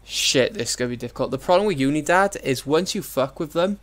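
A man's voice: fairly high pitch, animated, fast talker, fairly bright tone. A young man hosting a let's-play, chatting casually and swearing freely as he plays. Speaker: gaming channel host.

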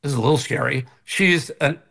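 A man's voice: mid-range voice, brisk, gravelly, fairly bright tone, slightly rough. An older man and actor telling a story as a guest on a video call from his kitchen, laughing often and acting out the voices he quotes. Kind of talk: casual anecdote on a video call. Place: home kitchen.

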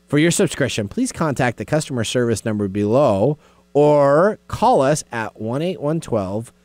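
Man, radio tech show host, chatty, laughs often, mid pitch, dry close mic. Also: animated, moderate pace, a little mellow, no echo. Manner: chatty, laughs often, reads out scam emails. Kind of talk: casual radio talk show chat.

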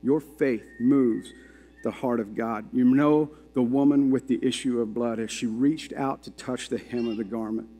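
A man's voice: mid-range voice, fairly even intonation, normal speed, dark tone, faint music behind. Preaching man in a reverberant church. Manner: emphatic, asks the congregation questions. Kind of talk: sermon storytelling. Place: church sanctuary. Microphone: handheld or stand microphone. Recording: long hall reverb in a church.

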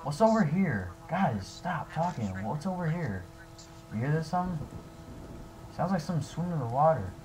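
A young man voicing his own character in a fan-made game drama, excitable and swinging between shouting and nervous mumbling. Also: on the high side, normal speed, soft background music, low-quality recording. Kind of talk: improvised fan machinima dialogue.

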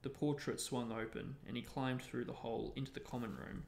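A man hosting a show, reading a novel aloud in a steady storytelling manner. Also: medium pitch, a little fast, creaky, slight background noise. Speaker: reader and show host. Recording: roomy echo.

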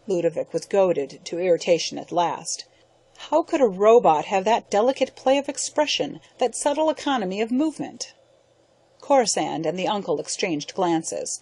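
A woman narrating a science fiction audiobook in a steady, measured reading. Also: mid-range voice, dry recording. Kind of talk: scripted narration.

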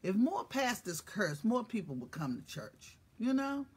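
A woman's voice: on the high side, sing-song, measured pace, husky. A middle-aged woman hosts a casual morning live stream, teasing, profane and playful, greeting viewers by name. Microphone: phone or webcam live stream.

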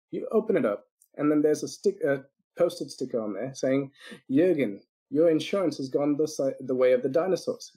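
A man on a podcast tells a client story with energy, slipping into little acted-out voices for the people he quotes. His voice is warm and dark in tone, with a breathy, husky edge. He laughs easily as he goes. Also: mid-range voice, poor audio. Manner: animated storyteller acting out quotes; laughs often. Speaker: business consultant guest.

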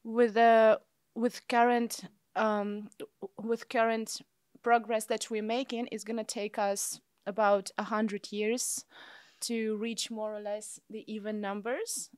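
A woman speaking as a podcast guest in a measured, thoughtful way with occasional fillers. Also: fairly high pitch, little pitch movement, a little mellow, clear, resonant tone, dry recording, studio quality. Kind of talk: casual conversation.

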